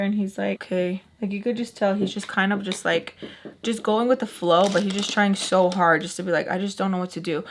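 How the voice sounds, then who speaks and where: A young woman chatting through a personal story as a vlogger, quoting everyone in quick back-and-forth and sometimes dropping to a hushed aside. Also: medium pitch, steady tone, slight background noise. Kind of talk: casual storytelling while doing makeup.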